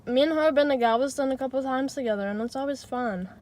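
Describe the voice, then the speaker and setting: A woman's voice: sits high, fast, a little mellow. A young woman vlogging casually from her car, talking in a chatty, profane way and saying "like" a lot. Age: young adult. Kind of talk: casual vlog chat.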